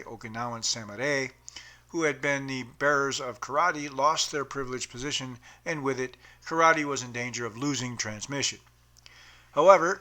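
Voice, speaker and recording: A man's voice: mid-range voice, pushed and bright. A man explaining the history of his martial arts uniform patch, reading aloud carefully, with small stumbles and self-corrections.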